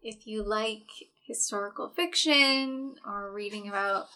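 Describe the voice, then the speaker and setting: A woman's voice: medium pitch, unhurried, sharp tone, smooth. A woman in a book club, chatting casually and reading passages from the book aloud. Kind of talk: casual chat.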